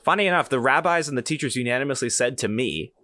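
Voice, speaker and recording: A young man hosts a podcast and tells a casual story. He rambles, restarts often and wanders into asides, and his voice is bright and forceful. The sound is dry and close. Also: mid-range voice, animated, fast, no echo, soft background music. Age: young adult. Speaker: podcast host.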